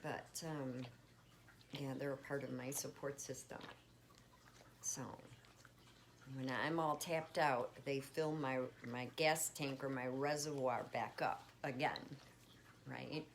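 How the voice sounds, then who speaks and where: A woman's voice: rumbling low, steady tone, slow, pauses often, slight background noise. A woman giving a casual spiritual check-in at home, chatty and full of fillers. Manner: chatty, warm toward her pets, frequent fillers. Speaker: spiritual vlogger. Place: at home with pets.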